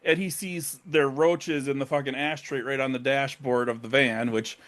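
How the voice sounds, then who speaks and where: A young man co-hosts a casual movie recap podcast, animatedly retelling scenes and acting out characters' lines, swearing plenty. His voice is mid-range and a bit bright, with a steady tone and moderate pace.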